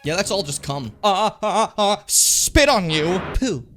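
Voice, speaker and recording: A young man streaming a video game, joking and swearing, with sudden shouted outbursts. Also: high-pitched, expressive, unhurried, soft background music. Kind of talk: casual live-stream commentary.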